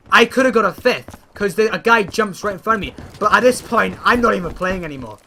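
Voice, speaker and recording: Young male host, higher voice, excitable and foul-mouthed storyteller; noisy track with gunfire behind. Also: a little fast. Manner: excitable storyteller, swears freely. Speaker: channel host. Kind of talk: casual gaming chat. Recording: clear background noise, gunfire.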